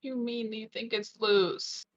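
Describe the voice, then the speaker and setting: A woman's voice: on the high side, fairly even intonation, slow pace, dull audio. A woman playing a tabletop game, teasing the others bluntly. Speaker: player. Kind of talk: casual tabletop game chat.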